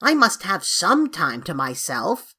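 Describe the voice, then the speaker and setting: A woman's voice: fairly low pitch, sing-song, slow, sharp tone, heavily acted. A woman playing a grumbling, grumpy sand fairy. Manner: gruff and complaining, voice cracking. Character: grumpy, self-pitying male sand fairy.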